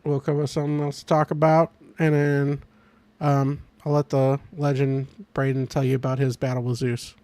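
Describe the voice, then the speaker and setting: A man's voice: mid-range voice, flat delivery, moderate pace, darkish tone, clean tone, dry recording. A young man hosting a casual podcast chat, rambling with lots of fillers and restarts. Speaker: podcast host.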